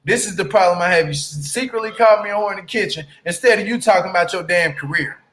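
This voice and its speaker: In slight background noise, a high-pitched man with a fairly bright tone recaps a reality show episode as a YouTuber. His commentary is casual, blunt and full of swearing. He draws out words for emphasis and often asks "you hear me?"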